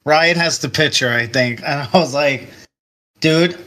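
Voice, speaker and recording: A man's voice: mid-range voice, normal speed, bright, forceful tone. A man co-hosting a podcast, chatting casually and laughing often. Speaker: podcast co-host. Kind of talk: casual chat.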